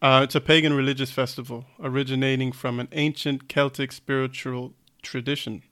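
A man's voice: medium pitch, little pitch movement, fairly quick, fairly bright tone. A man co-hosting a casual podcast chat, reading facts aloud with fillers and self-corrections. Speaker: podcast co-host.

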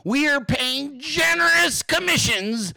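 A man putting on the voice of a pompous male businessman who is pitching an income opportunity, drawn out and sing-song in mockery. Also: lively intonation, slow, vocal fry, sharp tone, no echo, heavily acted. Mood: mock salesy.

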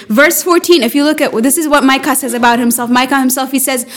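A bright-toned woman with a fairly high voice teaches a small group in a room. She talks fast and playfully, slipping into character for the quotes and firing questions back at the class. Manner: animated, acts out quotes with rising pitch. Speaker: Bible study teacher. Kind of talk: lively group Bible lesson.

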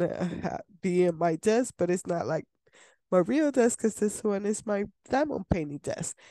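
A woman's voice: lowish voice, dark tone, dry recording. A woman hosting a solo podcast from her desk at home, chatting in a rambling, enthusiastic way. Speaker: podcast host.

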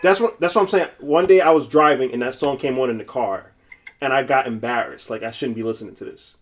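A man in his twenties co-hosting a podcast in casual chat, animated, laughing often and repeating himself. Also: medium pitch, a little fast. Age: 20s. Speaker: podcast co-host.

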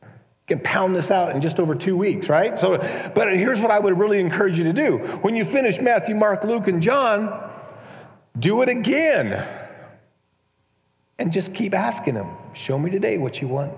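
A man preaching a conversational, animated sermon as a pastor, now and then acting out prayers in a mock-pompous voice. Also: high voice, normal speed. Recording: echoey hall, long reverb.

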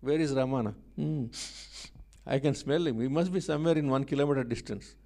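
A man's voice: medium pitch, brisk, mellow, lightly acted. A male preacher voicing the devil as it sniffs around for a hidden believer, muttering to itself. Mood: sly. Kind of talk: acted aside in a sermon.

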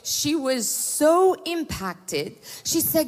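A middle-aged woman pastor, preaching a sermon with lively storytelling asides. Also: medium pitch, normal speed. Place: church hall. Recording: long hall reverb.

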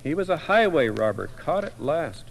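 A man, a poet, reading his own poem aloud in a wry, expressive way with sudden loud outbursts. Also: fairly high pitch, normal speed, vocal fry, big-room sound, low-quality recording. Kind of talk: poetry reading.

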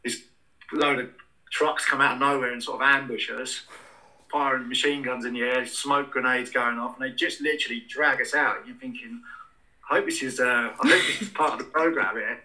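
A man with a very bright, sharp and forceful voice, recounting his experiences at length as an interview guest. He rambles along casually, circling back and restarting his sentences as the story unfolds. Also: mid-range voice, brisk, rough recording. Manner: rambling anecdotal, many restarts and fillers.

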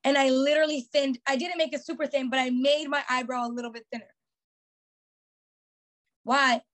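A woman's voice: high-pitched, fairly even intonation, moderate pace, fairly bright tone. A young woman hosting a podcast, giving a motivational talk in an emphatic, repetitive way with many "like" fillers. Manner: emphatic, repeats key phrases, frequent "like" fillers. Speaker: podcast host.

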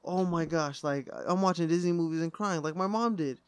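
A man's voice: a little high, a little fast, a crowd in the background. A young man in casual podcast chat, speaking openly and reflectively. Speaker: podcast host.

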